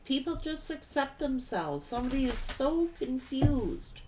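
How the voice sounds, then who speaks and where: Middle-aged woman tarot reader, slow and plain-spoken, slightly high voice, faint hiss behind. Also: sing-song. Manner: blunt, folksy, swears freely, laughs often. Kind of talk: casual tarot reading monologue.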